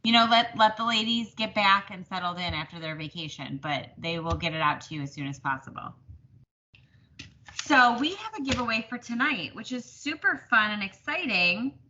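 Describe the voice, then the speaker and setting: A woman's voice: mid-range voice, lively intonation, moderate pace, bright, forceful tone, a little hiss or hum. A woman co-hosting a casual stitching chat, talkative and self-deprecating. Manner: chatty, self-deprecating, laughs often. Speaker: podcast co-host. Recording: slightly dull lo-fi sound.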